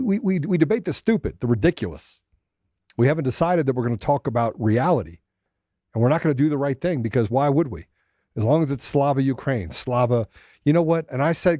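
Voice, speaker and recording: A man's voice: medium pitch, warm tone, no echo, studio quality. A man hosting a political commentary show, ranting with mocking asides. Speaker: host.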